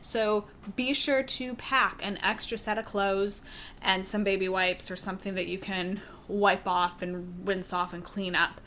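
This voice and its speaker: A woman giving calm, reassuring parenting advice in a casual talk to camera, with many "um" fillers and restarts. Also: mid-range voice, measured pace, slight background noise.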